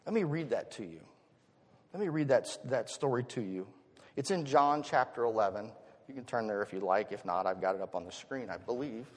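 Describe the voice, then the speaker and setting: A middle-aged man preaching a sermon as pastor, dropping to a hush and then rising loud in an expressive delivery. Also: mid-range voice, a little fast. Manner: expressive, swinging from hushed to loud. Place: church sanctuary. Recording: long reverb of a hall.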